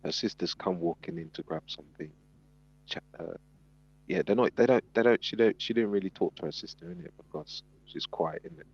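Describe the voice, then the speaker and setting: A man telling a story in casual chat, animated and acting out the people in it, on a dull lo-fi recording. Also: low voice, a little fast, vocal fry, husky. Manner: animated storyteller, acts out quotes. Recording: dull lo-fi sound.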